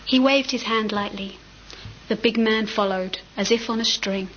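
A woman's voice: a little high, fairly even intonation, normal speed, fairly bright tone. A woman reading a story aloud in a casual way, sometimes stumbling over words. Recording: muffled with faint hiss.

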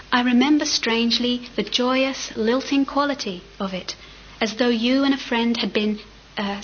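A woman's voice: on the high side, a bit bright. A woman reading a story aloud in a casual way, sometimes stumbling over words. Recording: muffled with faint hiss.

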